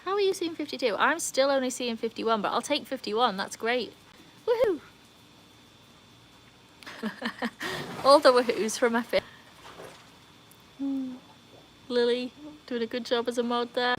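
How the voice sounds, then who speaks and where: Woman, livestream host, chatty, squealing cheers, slightly high voice. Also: moderate pace, pauses often, a little hiss or hum. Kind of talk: casual live-stream chat reading viewer comments. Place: outdoors beside a home swimming pool.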